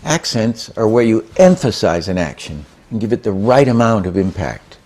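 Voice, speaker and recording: A man giving an animation lecture, telling anecdotes and acting out examples, often trailing off into quiet asides. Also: fairly low pitch, very animated, moderate pace. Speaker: animation teacher.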